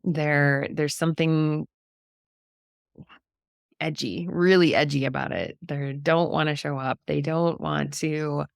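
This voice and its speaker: A middle-aged woman hosting a relaxed podcast chat. Her voice sits low with a gravelly edge, and she talks softly and reflectively, trailing off in short phrases. The sound is dry and close, with no room around it. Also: slow pace, dry recording. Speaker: podcast host. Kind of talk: reflective casual conversation.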